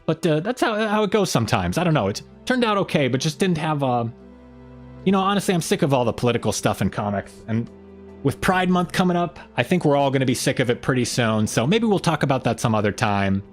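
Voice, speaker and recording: Man, livestream host, casual rambling chat, animated pitch, faint music behind. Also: fast talker. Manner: rambling, greets viewers in the chat by name.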